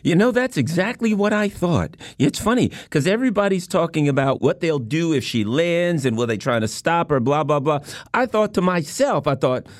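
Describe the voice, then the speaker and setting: A man's voice: on the high side, lively intonation, normal speed, hardly any pauses, no room sound, studio quality. A man hosting a radio talk show, chatting casually and agreeing with his guest. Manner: chatty, agreeing, bouncy delivery.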